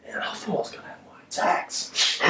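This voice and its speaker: An actor playing a paranoid man trying to talk a chemist into giving him drugs, nervous and pushy. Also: pushed and bright. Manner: nervous, coughing, then pushy. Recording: echoey room, far from mic.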